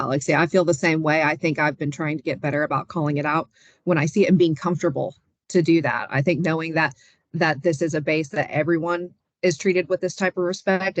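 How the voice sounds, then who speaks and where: A moderator hosts a video-call panel in a mid-pitched voice, affirming each speaker in turn. The sound is dry and close, with no room echo. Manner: affirming, reads out viewer comments.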